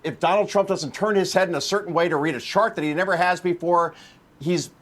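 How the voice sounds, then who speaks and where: A man's voice: high-pitched, fairly quick, fairly bright tone. A man from New Jersey giving heated, indignant TV commentary, repeating points for emphasis.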